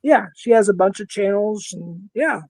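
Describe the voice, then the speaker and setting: A man's voice: high-pitched, lively intonation, normal speed, creaky, darkish tone, no echo. A man in his fifties with a Minnesota accent, hosting a casual livestream panel in a blunt, heated way and swearing freely. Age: 50s.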